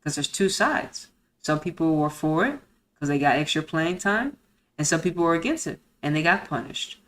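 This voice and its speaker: A woman's voice: sits low, lively intonation, normal speed, a bit bright. A woman streamer reads a report aloud and breaks off into blunt, profane, indignant commentary full of rhetorical questions and street slang. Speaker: streamer host.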